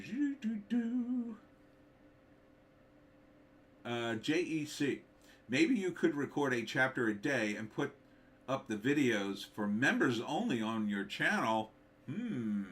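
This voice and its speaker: A middle-aged man, slightly hoarse, hosting a casual livestream, thinking aloud and reading out viewer comments with hums and fillers. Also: on the low side, sharp tone, a little hiss or hum. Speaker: livestream host, author.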